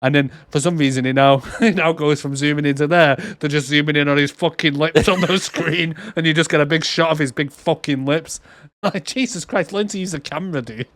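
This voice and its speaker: A man's voice: on the high side, fairly quick, fairly bright tone, dry recording. A man co-hosting a movie podcast in casual, sweary chat, laughing often and acting out characters in silly voices. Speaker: podcast co-host.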